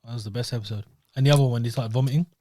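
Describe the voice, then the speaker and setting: A man's voice: mid-range voice, steady tone, rapid-fire, dark tone, no room sound, studio quality. A young man, co-hosting a podcast with short, playful interjections. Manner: playful, jumps in with short remarks. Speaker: podcast co-host. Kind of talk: casual chat.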